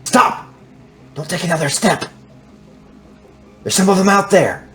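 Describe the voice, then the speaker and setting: A panicked young woman survivor in a zombie tabletop game, as a man puts her on. The voice sits high above his own and pushes out loud, urgent calls. A faint music bed plays underneath. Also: a little slow. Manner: urgent hushed warnings and frantic calls.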